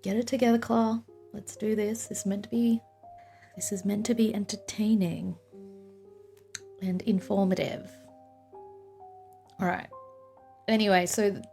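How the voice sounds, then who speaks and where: A young woman telling a history vlog in an emotional storytelling style, sighing and trailing off into soft asides. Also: medium pitch, steady tone, a little slow, gravelly, long pauses, faint music behind. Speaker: paranormal history vlogger.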